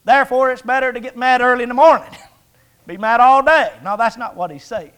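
A man's voice: very high-pitched, brisk, fairly bright tone. A man in his sixties preaching a sermon in a folksy, conversational way, with jokes and rhetorical questions. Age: 60s.

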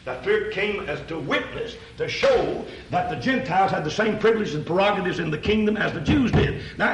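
A man's voice: high-pitched, expressive, moderate pace, few pauses, a bit bright, reverberant, slight background noise, low-quality recording. A man preaching a sermon in a folksy, conversational way, addressing listeners directly and asking rhetorical questions.

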